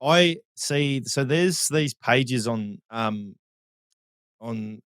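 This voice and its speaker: A man co-hosts a relaxed podcast, steering the chat with questions. His mid-range voice is close and dry, and he laughs readily at his mates. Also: mid-range voice, drawn-out words, clear, resonant tone, no room sound. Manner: laughs easily, poses questions. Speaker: podcast co-host. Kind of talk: casual banter.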